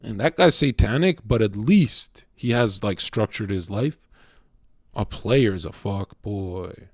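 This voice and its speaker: Blunt, profane male streamer, low voice. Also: animated, takes it slowly, no echo, studio quality. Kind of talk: casual rant to a live chat.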